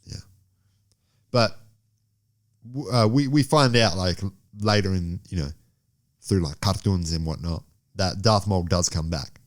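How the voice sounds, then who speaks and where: A young man with a fairly low voice, chatting loosely on a podcast. He jokes and laughs easily, filling his talk with "like.". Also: measured pace, long pauses. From Australia. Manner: laughing, joking, heavy use of "like". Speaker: podcast co-host. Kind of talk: casual chat.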